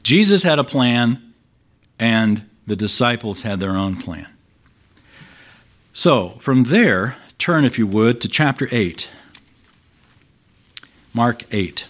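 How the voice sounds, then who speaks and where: A man's voice: mid-range voice, sing-song, takes it slowly, long pauses, fairly bright tone. A man preaching a sermon, explaining scripture in a conversational way and reading passages aloud with emphasis. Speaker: pastor.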